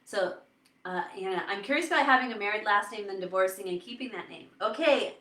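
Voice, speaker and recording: A woman hosting a casual live stream, chatting and laughing often and quoting others in lively voices. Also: mid-range voice, brisk, roomy sound. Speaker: host.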